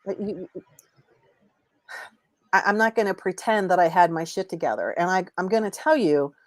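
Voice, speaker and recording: Rambling woman, low and dry. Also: expressive, normal speed, no room sound. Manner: rambling, with many restarts. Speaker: guest, intuitive reader. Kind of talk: casual live chat.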